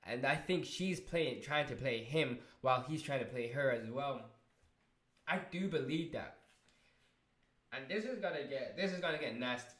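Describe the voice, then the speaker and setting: A man recapping a show episode in a casual review, excitable and swearing, with many restarts and fillers. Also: mid-range voice, normal speed. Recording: roomy echo.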